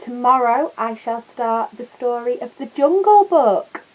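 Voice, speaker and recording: A woman reading a picture book aloud to children, gently adding little asides for her listeners. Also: fairly high pitch, expressive, a little slow, rough recording. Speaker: storyteller.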